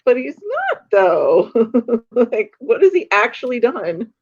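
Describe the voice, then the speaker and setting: A woman in casual chat with friends, outspoken and quick to laugh. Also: fairly high pitch, very animated, husky, highs cut off.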